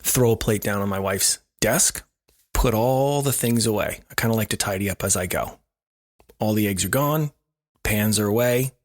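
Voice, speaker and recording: A man's voice: lowish voice, moderate pace. A man co-hosting a podcast, telling a self-deprecating story in a wry, casual way. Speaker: podcast co-host.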